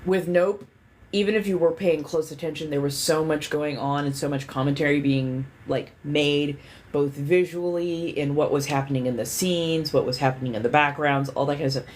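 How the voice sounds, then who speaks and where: A woman's voice: low-pitched, steady tone, moderate pace, darkish tone, a little hiss or hum. A woman hosting a livestream in casual chat. She rambles candidly, swears freely and leans on lots of fillers. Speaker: livestream host.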